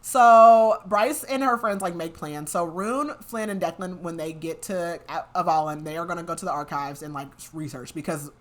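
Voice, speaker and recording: A young woman with a slightly low voice talks through a story recap as a podcast co-host. She rambles casually, leaning on "like" between phrases and laughing now and then. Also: moderate pace, few pauses. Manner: chatty, lots of "like" fillers, laughs often.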